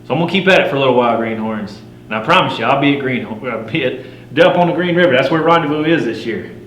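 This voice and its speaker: In a roomy recording with a faint hum, a man at medium pitch speaks quickly and with animation, his natural voice a bit bright. As a living history storyteller, he takes on a grizzled fur trapper telling tall tales, delivering a first-person campfire story with a folksy drawl, rough frontier grammar, and a swaggering, wry chuckle at his own exaggerations.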